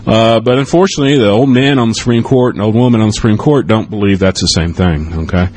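A middle-aged American man, formerly a police officer, speaks to a conference audience in a loose, rambling way, dotting his points with "okay?" and "you know." His voice sits a little low, with a faint hum of the hall in the background. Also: quick pace, darkish tone. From United States. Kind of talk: live talk with audience questions.

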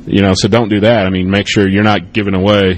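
A middle-aged American man, formerly a police officer, speaks to a conference audience in a loose, rambling way, dotting his points with "okay?" and "you know." His voice sits a little low, with a faint hum of the hall in the background. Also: little pitch movement, quick pace. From United States. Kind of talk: live talk with audience questions.

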